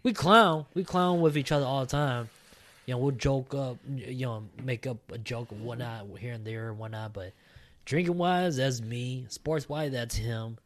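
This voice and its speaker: A young man with a mid-pitched voice, chatting with a friend in an easygoing way. He fills his talk with fillers and drops a swear word now and then. He sounds loose and unhurried. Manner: laid-back, swears casually, lots of fillers. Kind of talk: casual chat.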